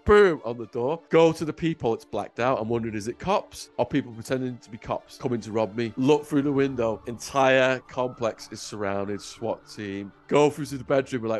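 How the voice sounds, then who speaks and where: A man's voice: medium pitch, a little fast, hardly any pauses, darkish tone, faint music behind. English man telling his story vividly. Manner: vivid, acts out voices. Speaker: interview guest. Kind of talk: dramatic personal storytelling.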